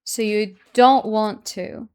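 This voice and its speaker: A woman's voice: mid-range voice, slow pace, smooth. A young woman streaming chess, thinking aloud anxiously, then reviewing the game in a chatty way. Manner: anxious, repeats herself when stressed; bursts into loud excited cries.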